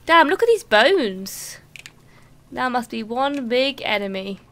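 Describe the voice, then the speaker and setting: A woman streamer giving excitable, swearing live commentary while playing a game and thanking viewers. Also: fairly high pitch, slow pace.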